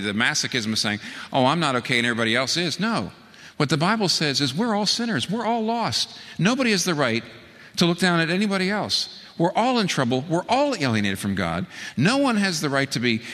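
A man preaching a sermon, his voice bright and forceful as he tells a story. He acts out quoted lines, jumping up high in pitch for them. The sound carries a long reverb of a large hall. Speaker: pastor.

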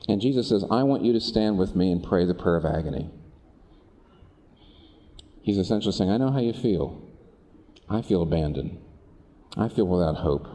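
A man preaching a sermon as pastor, earnest and animated, asking the congregation pointed questions. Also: sits low. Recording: long hall reverb.

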